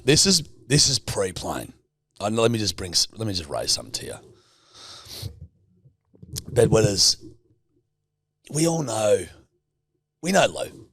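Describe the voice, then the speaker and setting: A man teases and swears his way through a casual podcast story. His voice is gravelly, with wildly swinging pitch. It sounds dry and close to the mic. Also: fairly bright tone, dry recording. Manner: teasing, laughs often, swears freely. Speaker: podcast co-host.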